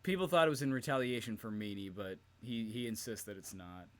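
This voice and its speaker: A man co-hosting a podcast in casual chat, often laughing and slipping into quick impressions. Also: fairly low pitch. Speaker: podcast co-host.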